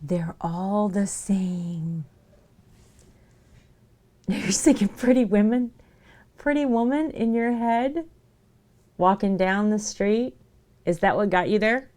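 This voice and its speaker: A woman's voice: a little high, unhurried, pauses often, darkish tone. A woman chatting casually on a live stream while she crafts at her desk at home. She laughs often and talks to her viewers and her dog. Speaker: streamer making her own merch.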